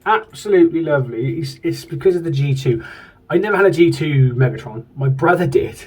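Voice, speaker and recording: Give me a chatty, enthusiastic man with a husky voice, recorded from a distance. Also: on the high side, lively intonation, brisk, darkish tone. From United Kingdom. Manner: chatty and enthusiastic, swears casually. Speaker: toy collector reviewer. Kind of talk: casual chat. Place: home room.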